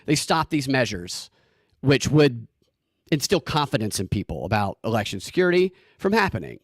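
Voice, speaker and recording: A man's voice: mid-range voice, sing-song, moderate pace, dry recording, clean studio sound. A man hosting a solo political commentary show, talking in a sarcastic, emphatic way and often repeating words.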